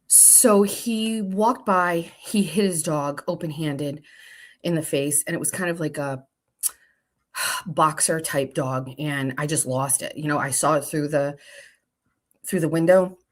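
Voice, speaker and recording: A woman's voice: sits low, slow. A woman hosting a show, telling a casual story to her viewers, chatty and swearing freely and often breaking off to talk to others in the office. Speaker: show host. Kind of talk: casual storytelling to a live audience.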